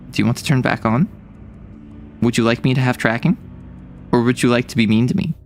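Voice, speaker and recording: A man's voice: medium pitch, brisk, creaky, pauses often, faint music behind. A young man from the United States streaming a casual chat, rambling and joking, often cutting himself off mid-thought. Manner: rambling, jokey, self-interrupting.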